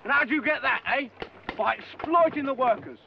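A man's voice: very high-pitched, a little fast, creaky. An actor in his thirties playing an argumentative male peasant who lectures about politics and oppression in a film scene. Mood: lecturing. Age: 30s. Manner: lecturing, quarrelsome. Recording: dull lo-fi film audio with faint noise.

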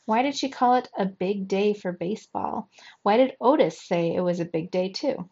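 A woman's voice: mid-range voice, normal speed, darkish tone, breathy edge. Woman reading a puzzled young boy. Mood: wondering. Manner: puzzled, wondering questions. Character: curious young boy at a ballgame. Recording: dull lo-fi recording.

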